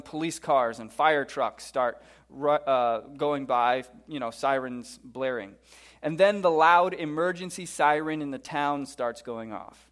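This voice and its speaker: A man preaching a sermon, retelling a horror movie plot in an animated storytelling way and acting out the characters' lines. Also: a little high. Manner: storytelling, animated, acts out quotes.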